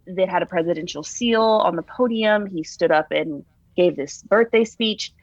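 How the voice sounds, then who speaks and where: A woman's voice: on the low side, normal speed, no echo. Young woman telling her story, dull lo-fi sound. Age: young adult. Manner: animated retelling, voices her own past words. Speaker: interviewee. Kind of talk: recounting a personal story.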